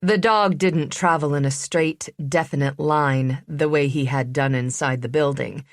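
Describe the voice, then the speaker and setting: A woman narrating a suspense audiobook in a measured, even reading. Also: deep voice, dry recording, clean studio sound. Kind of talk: scripted narration.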